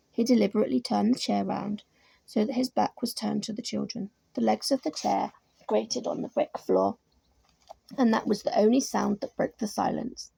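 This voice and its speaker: Gravelly low-toned woman reading a storybook. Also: fairly even intonation, moderate pace, dark tone, no echo. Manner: voices characters with lifted pitch and volume. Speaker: volunteer reader.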